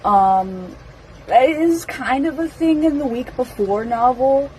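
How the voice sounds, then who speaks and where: Chatty young woman rambling excitedly. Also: high-pitched, slow, a little hiss or hum, low-quality recording. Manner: excitable and rambling, many fillers and giggles. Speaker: fan vlogger. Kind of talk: casual rambling first-impressions talk.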